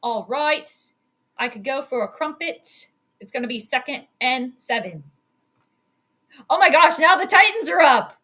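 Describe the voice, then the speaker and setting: Animated high-voiced woman commentating football. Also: measured pace. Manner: animated, exclaims and scolds the team, laughs often. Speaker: host giving live football commentary. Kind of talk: casual live play-by-play commentary.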